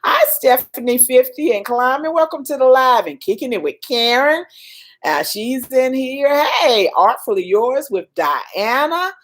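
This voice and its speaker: A woman's voice: sits high, measured pace. A Southern woman hosting a casual livestream, greeting viewers by name and urging them on in a folksy, preachy way. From Southern United States. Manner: animated, swings between loud urging and soft murmurs. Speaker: livestream host. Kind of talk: casual live-stream chat.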